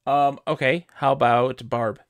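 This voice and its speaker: A man's voice: mid-range voice, steady tone, unhurried, clear, resonant tone. A man streaming a text adventure, thinking aloud with lots of hesitation and wry jokes. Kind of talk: casual chat while playing a game.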